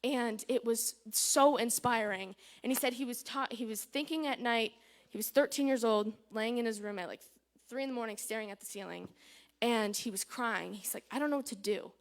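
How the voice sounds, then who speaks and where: Sharing her church testimony at a normal speed, this woman has a fairly high-pitched voice. Her retelling is candid and chatty, packed with "I was like" and nervous filler words.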